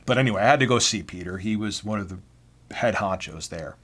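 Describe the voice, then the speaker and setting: A man's voice: fairly low pitch, quick pace, fairly bright tone. A man telling personal work stories to camera in a casual, blunt, self-deprecating way. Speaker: vlogger. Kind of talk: casual storytelling.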